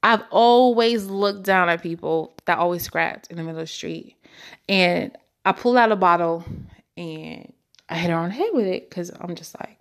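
A woman's voice: on the low side, moderate pace. A young woman in her twenties telling a personal story to the camera in a candid, emotional and slangy way. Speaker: vlogger.

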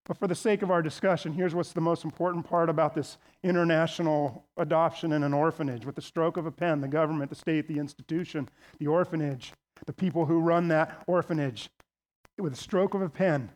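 A man's voice: on the high side, fairly even intonation, brisk. A pastor preaching a sermon with emphasis and leading his congregation in call-and-response.

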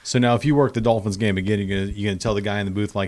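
A man hosting a casual chat, asking relaxed follow-up questions. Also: lowish voice, rapid-fire.

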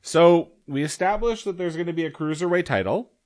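A man's voice: on the high side, fairly quick, a little mellow. Exasperated young podcast co-host man. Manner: exasperated, sarcastic commentary. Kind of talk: casual podcast chat.

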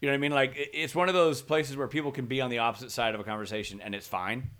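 A man, co-hosting a casual podcast chat and telling stories with animated, laughing delivery. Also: mid-range voice, rapid-fire. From American South. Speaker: podcast co-host.

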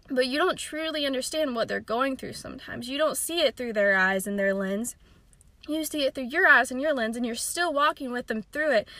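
A woman's voice: a little high, bright, forceful tone, dry recording. A young woman hosting a podcast, telling a personal story in a chatty, self-mocking way and laughing often. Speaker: podcast host. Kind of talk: casual storytelling.

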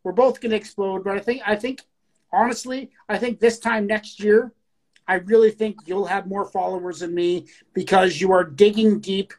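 A woman's voice: mid-range voice, fairly even intonation, normal speed, a little mellow. A young Canadian woman co-hosting a casual podcast, blunt and opinionated, swearing heavily. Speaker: podcast co-host. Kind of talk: casual chat.

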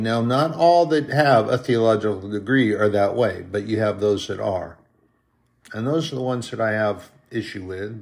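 A man with a fairly low-pitched voice preaches an impassioned, emotional sermon, visibly moved while reading. He swells loud on scripture verses, then drops to a soft, hushed tone.

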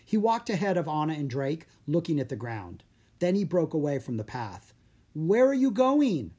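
Expressive, breathy audiobook narrator. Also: medium pitch, normal speed. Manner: expressive storytelling. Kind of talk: children's book narration.

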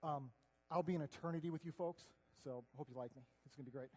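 Guy preaching, pretty high voice, gets loud then goes quiet, big reverby hall. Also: fast. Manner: earnest, conversational, swings between loud and hushed. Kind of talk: sermon.

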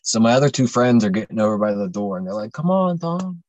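A man's voice: lowish voice, fairly even intonation, fast talker, a little mellow, highs cut off. A young adult man casually telling a long personal story on a podcast, rambling and profane, with many fillers and restarts.

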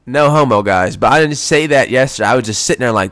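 A man rambles through a casual podcast from home, swearing freely in a laid-back way. His voice is a little congested from post-nasal drip. His pitch sits in an ordinary middle range. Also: animated, fast, a bit bright. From United States. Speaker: podcast host. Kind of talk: casual solo podcast chat.

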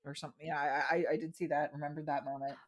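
A woman's voice: low-pitched, flat delivery, very fast. A woman co-hosting a casual podcast, talking in a conversational, opinionated way with lots of fillers. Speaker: podcast co-host. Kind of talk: casual chat recapping a reality show.

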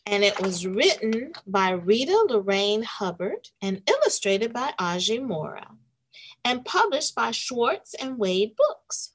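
Slow, patient woman reading to kids. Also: medium pitch. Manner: slow, warm, questioning the listeners. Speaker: children's read-aloud host. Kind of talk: reading a picture book aloud to children.

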